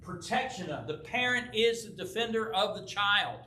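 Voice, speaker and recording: A man's voice: sits high, animated, moderate pace, pushed and bright, a little hiss or hum. An older man preaching a sermon and telling a folksy personal story, playing out the voices of the people in it. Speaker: pastor. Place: church sanctuary. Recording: echoey church from a distance.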